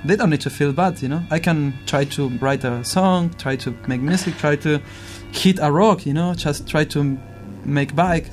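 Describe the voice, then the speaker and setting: A man's voice: fairly high pitch, moderate pace, few pauses, faint music behind. A musician chatting casually and earnestly, searching for his words and asking rhetorical questions. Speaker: musician in conversation. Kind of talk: casual reflective chat.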